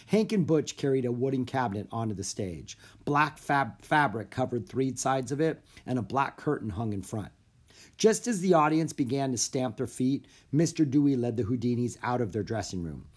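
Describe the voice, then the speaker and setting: A narrator reading a children's chapter book aloud with expressive, animated storytelling. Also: mid-range voice, moderate pace.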